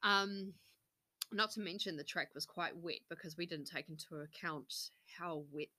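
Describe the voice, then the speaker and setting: A woman's voice: on the low side, moderate pace, pushed and bright. A woman hosting a casual podcast chat, telling a story with plenty of swearing and laughter. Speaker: podcast host.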